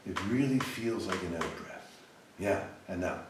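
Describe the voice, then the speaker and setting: A man teaching a piano class, coaching students with sudden loud bursts of praise and quieter guidance. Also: sits low, measured pace, a little hiss or hum. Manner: animated, loud bursts of encouragement then soft guiding. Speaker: piano professor. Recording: echoey room, voice from a distance.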